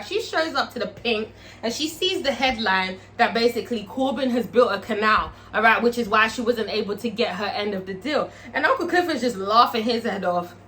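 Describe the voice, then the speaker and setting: A woman casually recapping a TV episode, animated, swearing and checking in with the viewer. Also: fairly high pitch, slight background noise. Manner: animated, frequent swearing, checks in with "all right?". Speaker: TV show reviewer.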